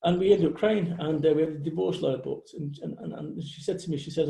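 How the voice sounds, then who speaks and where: A man's voice: fairly high pitch, fairly quick, creaky, few pauses, mellow. A man in his forties from England, a guest speaker telling stories in a blunt, sweary, casual way. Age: 40s. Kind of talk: casual livestream chat. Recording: echoey room.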